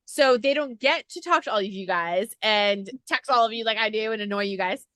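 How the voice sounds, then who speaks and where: A woman's voice: medium pitch, fairly quick, a bit bright, no room sound. A woman interviewer chatting casually and gushing enthusiastically to her guest, with lots of "like.". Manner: gushing, chatty, many fillers of "like". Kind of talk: casual chat.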